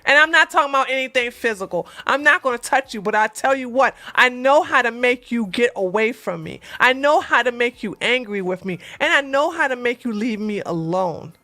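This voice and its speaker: Blunt, bright-voiced woman telling a story. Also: fairly high pitch, a little fast, hardly any pauses, no room sound. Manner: blunt, animated, repeats for emphasis. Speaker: relationship advice channel host. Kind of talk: storytelling monologue to viewers.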